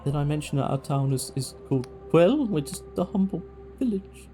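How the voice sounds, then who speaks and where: A man putting on a squeaky stammering villager. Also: lively intonation, moderate pace, dark tone, faint music behind, natural voice. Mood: earnest.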